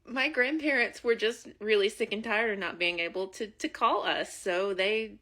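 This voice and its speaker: A woman telling a story casually, pausing and restarting as she explains. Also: medium pitch, pushed and bright.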